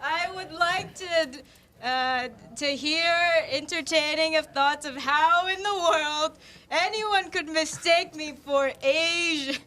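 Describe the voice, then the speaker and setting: A woman's voice: sits high, slow, bright, forceful tone, exaggerated voice. A woman playing a haughty male Norse thunder god in a live comedy sketch, stiff and indignant. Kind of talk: live comedy character bit.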